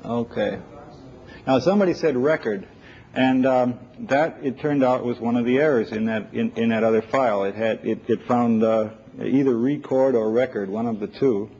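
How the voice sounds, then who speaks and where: A man's voice: medium pitch, moderate pace, darkish tone, breathy edge. A man giving a live technical lecture, thinking aloud and taking questions from the audience, on an old 1980s lecture recording. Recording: dull lo-fi 1980s lecture tape.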